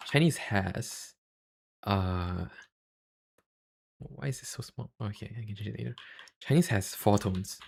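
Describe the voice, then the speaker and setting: Slow, low-voiced male streamer. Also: vocal fry, a little mellow, breathy edge. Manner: halting, filler-heavy, self-deprecating. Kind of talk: casual livestream chat.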